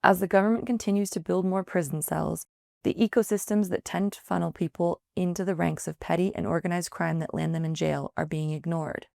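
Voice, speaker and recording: A woman reporter reading a written field investigation aloud in a measured, even scripted news narration. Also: fairly low pitch, gravelly, no echo, clean studio sound.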